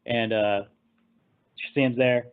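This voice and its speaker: A man's voice: mid-range voice, fairly even intonation, takes it slowly, smooth. A man hosts a casual movie chat and walks through the plot scene by scene. He rambles and laughs at his own asides. His voice comes through thin and tinny, like a phone call. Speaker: podcast host.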